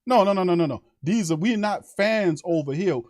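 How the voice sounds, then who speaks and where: A man rants into a close mic on a sports live stream. His voice sits fairly high and sounds dry, with no room echo. He talks in a heated, emphatic, profane way and keeps repeating his points. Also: lively intonation, normal speed, darkish tone. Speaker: sports podcast host. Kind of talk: fired-up fan rant on a live stream.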